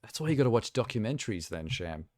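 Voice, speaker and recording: A man's voice: fairly low pitch, sing-song, quick pace, darkish tone, no room sound, clean studio sound. A young man live streaming, chatting casually and rambling with self-amused asides while reacting to trailers.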